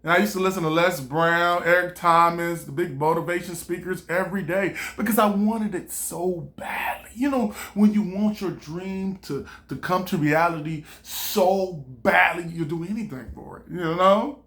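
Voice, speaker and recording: A male comedian speaking straight to the listener in a loose, casual monologue. His delivery is animated and broken up with laughter, and he slips into different voices whenever he quotes someone. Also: high-pitched, normal speed, hardly any pauses. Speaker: stand-up comedian.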